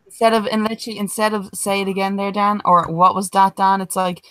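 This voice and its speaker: A woman's voice: mid-range voice, little pitch movement, a little fast, few pauses, fairly bright tone, no echo, low-quality recording. A hungover woman, co-hosting a podcast over a video call and talking bluntly with swearing and laughs. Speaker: podcast co-host. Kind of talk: casual chat.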